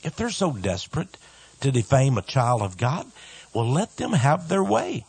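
Emphatic preacher man with a breathy edge. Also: medium pitch, very animated, moderate pace, no echo. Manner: emphatic, swings between soft asides and loud exclamations; mimics opponents in mocking voices. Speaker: radio preacher. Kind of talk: radio sermon.

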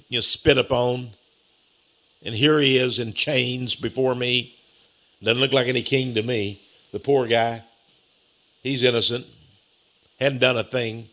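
A man voicing a wary Roman governor who hesitates and stammers, within a sermon's storytelling. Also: pushed and bright. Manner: hesitant, stammering, muttering low.

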